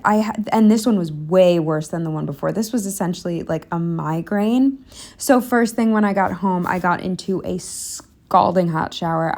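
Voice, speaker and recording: A young woman narrating a planner vlog in a candid, rambling, self-deprecating way, slightly out of breath. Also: fairly low pitch. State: a bit out of breath. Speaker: planner vlogger. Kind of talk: casual voice-over narration.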